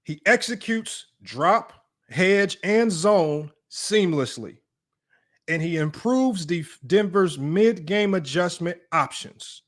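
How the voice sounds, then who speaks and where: A man's voice: high-pitched, lively intonation, slow. A young man hosting a live sports analysis stream, reading stats aloud and talking bluntly and sarcastically to viewers as y'all. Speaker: sports commentary host.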